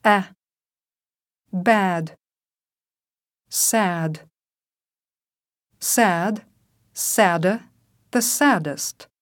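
A woman reads vocabulary drills aloud, one word at a time, with an extremely slow and measured pace. Every syllable is clearly enunciated, and the recording is dry and close with no room sound. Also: medium pitch, no echo. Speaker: language teacher reading vocabulary.

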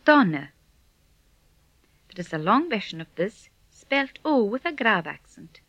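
A woman teaching pronunciation in a slow, measured scripted lesson, demonstrating each sound. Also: mid-range voice, very animated, fairly bright tone, no room sound, highs cut off. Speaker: language teacher.

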